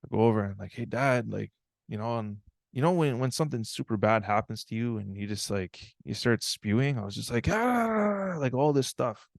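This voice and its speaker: A man's voice: lowish voice, a little fast, creaky, no echo, clean studio sound. A man giving a live online talk, telling a personal story in an earnest, reflective way and often checking in with "right?".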